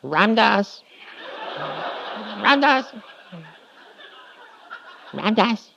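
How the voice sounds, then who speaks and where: Gently teasing old guru guy, high playful calls then soft tender asides, as a lecturer puts him on, muffled old tape. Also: very animated, extremely slow, vocal fry, a little hiss or hum, heavily acted. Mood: calling.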